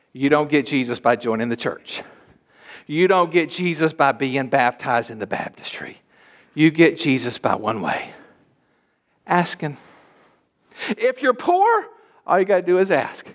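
Male pastor, church sermon, emphatic, lively pitch, unhurried delivery. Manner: emphatic preaching, rising to shouts.

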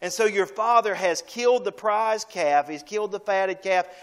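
A man's voice: sits high, normal speed, voice pushed up, lightly acted. A preacher voicing an eager male servant. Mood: excited.

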